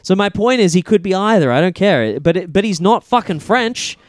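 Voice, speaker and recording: A man co-hosting a film podcast in casual chat, animated and ranting, swearing freely. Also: high-pitched, moderate pace, no room sound, studio quality. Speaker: podcast co-host.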